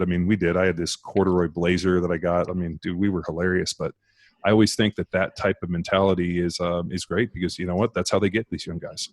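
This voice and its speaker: Fast-talking deep-voiced man, dry sound. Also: little pitch movement, no echo. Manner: profane, rapid storytelling. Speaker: former pro football player, podcast guest. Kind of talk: casual podcast conversation.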